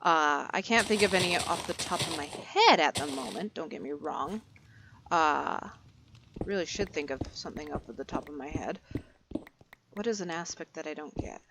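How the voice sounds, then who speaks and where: A woman's voice: sits low, moderate pace, noisy background. A young woman giving casual gameplay commentary, chatty and rambling, easily sidetracked. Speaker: gaming video creator.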